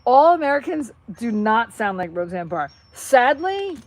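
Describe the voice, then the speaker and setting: A woman's voice: a little high, a little slow, no room sound. Chatty New Jersey woman live-streaming. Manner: chatty, excitable, reads viewer comments aloud. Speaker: channel host. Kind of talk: casual live-stream chat.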